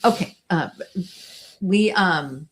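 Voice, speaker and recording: Woman, fifties, lower-pitched, chatty, animated, laughs a lot, casual co-host chat. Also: takes it slowly, a little hiss or hum. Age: 50s. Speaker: realtor podcast co-host.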